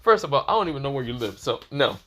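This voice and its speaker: A man's voice: medium pitch, big pitch swings, fast talker, pushed and bright, pitched above the performer's own voice. A man voicing a laid-back, cocky young man who swears casually, in a fan story told in his own voice. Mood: startled.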